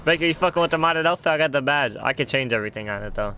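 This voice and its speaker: A young man chatting casually on his live game stream, excitable and quick to laugh. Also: a little high. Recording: faint background noise.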